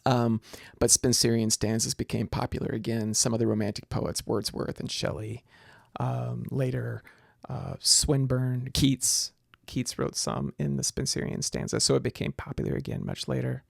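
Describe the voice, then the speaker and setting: Gravelly-voiced man giving a lecture. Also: medium pitch, little pitch movement, moderate pace, dry recording, studio quality. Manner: explanatory, often restarts phrases. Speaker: literature lecturer. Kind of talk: recorded video lecture.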